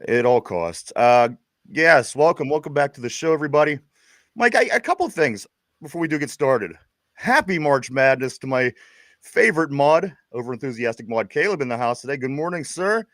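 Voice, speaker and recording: A man's voice: mid-range voice, animated, fairly quick, a bit bright, no echo, clean studio sound. A man from Pittsburgh with a Pittsburgh accent, co-hosting a casual sports chat show, rambling and laughing as he stumbles over his words. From Pittsburgh, USA. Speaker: podcast co-host.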